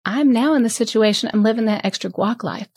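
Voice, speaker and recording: A woman's voice: fairly high pitch, fairly quick, breathy edge, dry recording. Earnest woman coach, dry close sound. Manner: earnest and heartfelt, with soft laughs. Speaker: podcast host and business coach. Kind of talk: candid conversational interview.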